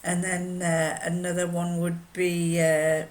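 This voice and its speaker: A woman's voice: lowish voice, level tone, takes it slowly. An older woman from northern England, chatting casually in a rambling, anecdotal sewing vlog. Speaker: sewing vlogger. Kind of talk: casual chat.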